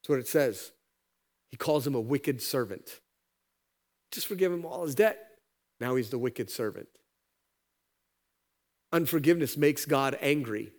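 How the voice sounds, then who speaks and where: A pastor giving a sermon, telling a parable and voicing its characters with sudden high-pitched lines. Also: male voice, unhurried, long pauses. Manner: animated, acts out parable characters with pitch jumps.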